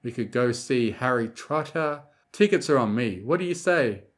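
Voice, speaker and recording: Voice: medium pitch, expressive, close to an everyday voice. A narrator voicing a shy young male pony who speaks hesitantly. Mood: nervous. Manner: hesitant and halting.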